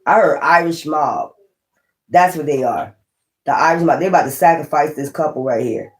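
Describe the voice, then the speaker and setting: A woman's voice: deep voice, normal speed. A woman giving a casual tarot reading, blunt and profane, thinking aloud as she goes. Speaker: tarot reader. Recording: roomy echo.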